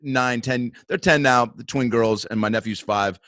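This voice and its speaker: A man's voice: mid-range voice, normal speed, a bit bright, dry recording, studio quality. A man hosting a podcast in casual chat, with loose, playful banter and quoted asides. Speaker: podcast host.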